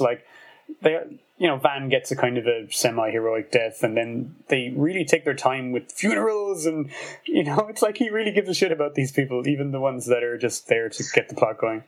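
A man's voice: medium pitch, a little fast. A man with a mid-range voice co-hosts a casual book review podcast. He talks animatedly and laughs often. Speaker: podcast co-host.

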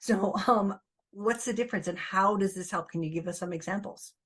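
A woman's voice: medium pitch, a little fast, fairly bright tone, husky. A woman hosting an interview, asking thoughtful questions in a conversational way. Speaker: host.

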